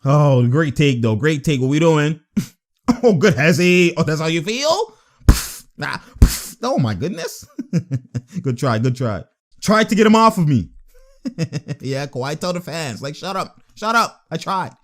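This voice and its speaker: A high-pitched man gives a live reaction commentary on game footage, his voice leaping all over the place. He talks casual and slang-heavy, laughs often and shouts at bad calls. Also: measured pace. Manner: excitable, laughing often, yelling at referee calls. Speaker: sports reaction video host.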